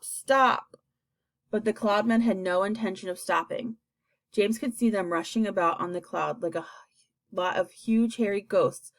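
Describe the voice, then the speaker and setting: A woman reading a children's book aloud in a steady, expressive storytelling manner. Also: mid-range voice. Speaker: audiobook reader. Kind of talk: audiobook narration.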